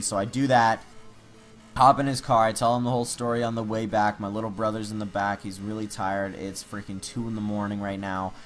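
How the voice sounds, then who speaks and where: A man's voice: on the low side, little pitch movement, a little fast, faint music behind. A teenage man telling a personal story in a casual, rambling way, full of fillers and restarts. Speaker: YouTuber.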